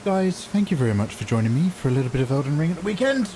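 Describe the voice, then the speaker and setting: A man's voice: fairly high pitch, big pitch swings, racing, mellow, a little hiss or hum, poor audio. A man chatting casually with viewers during a live game stream, playful and joking with a lot of laughter. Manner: playful, jokey, laughing often, hamming up mangled French. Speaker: game livestreamer.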